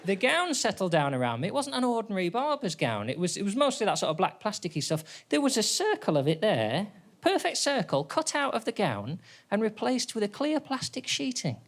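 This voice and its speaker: On a theatre stage, a man with a high-sitting voice delivers brisk stand-up. His comedy is deadpan, wry, and self-deprecating, drawing laughter from the audience.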